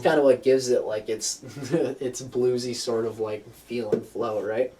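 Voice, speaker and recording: A man gives a casual guitar lesson, talking in a loose, rambling way full of fillers. He sits a little back from the mic. Loud strummed guitar plays along behind him. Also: mid-range voice, steady tone, measured pace, distant mic. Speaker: guitar teacher.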